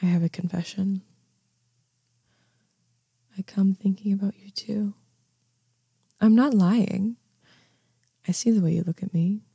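A young woman in a whispered role-play, voicing a bossy, self-assured neighbor who talks in a slow, coaxing, commanding way with a breathy, half-whispered sound. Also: lowish voice, warm tone, no room sound, studio quality, full character voice.

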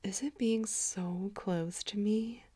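A woman's voice: mid-range voice, takes it slowly. A woman voicing a flirtatious, doting middle-aged mother in a whispered role-play, cooing and murmuring her lines. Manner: coos and murmurs, soft breathy asides.

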